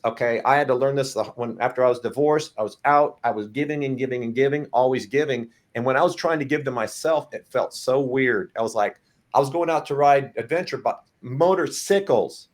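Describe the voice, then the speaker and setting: A man with a medium-pitched voice speaks fairly quickly and earnestly as a guest on a podcast. In this casual chat he stumbles over his starts, repeating himself as he begins.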